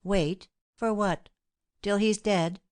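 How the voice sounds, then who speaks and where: A woman's voice: medium pitch, fairly even intonation, slow, a little mellow, smooth, voice pushed up, lightly acted. Woman reading as a cold, scheming young wife. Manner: cold, insistent, contemptuous.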